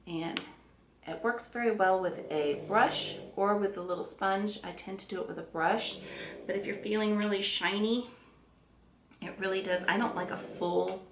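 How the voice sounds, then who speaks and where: A middle-aged woman with a Southern US accent chats casually to camera as a beauty vlogger, relaxed and self-deprecating. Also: medium pitch, echoey room, background noise. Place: room at home.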